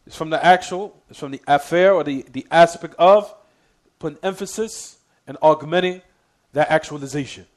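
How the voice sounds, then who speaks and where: A man giving a religious lesson, quizzing his class with "what?" prompts and repeating key points. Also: fairly high pitch. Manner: reads Arabic quotations quickly. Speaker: Islamic teacher.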